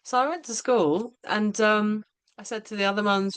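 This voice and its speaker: A woman's voice: fairly high pitch, normal speed, fairly bright tone, dry recording. Chatty middle-aged woman. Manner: chatty, rambling anecdotes. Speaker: podcast host. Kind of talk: casual chat.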